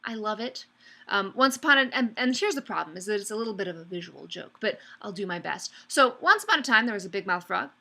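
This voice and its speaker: A woman's voice: mid-range voice, lively intonation, fast talker, gravelly, pushed and bright. A young woman teaching a live online class in an upbeat, chatty way, calling on students by name. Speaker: online course instructor.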